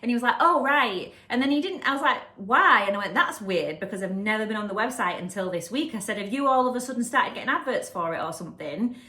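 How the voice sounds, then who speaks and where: A young adult woman, chatting casually and gushing excitedly as she unboxes a gift at home for her vlog. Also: a little high, quick pace, hardly any pauses. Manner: bubbly, gushing, giggly. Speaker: lifestyle vlogger. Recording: echoey room.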